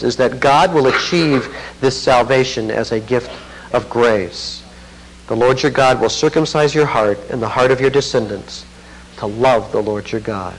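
A man preaching an expository sermon, reading scripture aloud and commenting with earnest, swelling emphasis. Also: rough recording. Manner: earnest, rising to fervent emphasis then dropping low.

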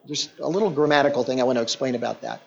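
A man's voice: mid-range voice, rapid-fire, vocal fry. A man preaching a verse-by-verse Bible teaching in a conversational, explaining way, often acting out the quoted lines. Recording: dull lo-fi sound.

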